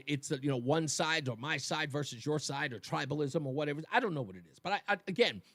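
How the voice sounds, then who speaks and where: A man's voice: a little high, no echo, clean studio sound. A man hosting a talk radio show, delivering an emphatic monologue and speaking straight to his listeners. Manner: emphatic, animated, addresses listeners directly.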